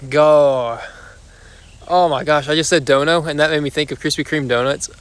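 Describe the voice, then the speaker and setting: A young man with a slightly high voice talks to his viewers on a phone livestream from his backyard. He is out of breath after exercise, and his loose, joking chatter comes with heavy breathing between phrases. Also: steady tone, fast talker, fairly bright tone. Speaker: livestream host. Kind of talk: casual live chat with viewers. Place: backyard outdoors.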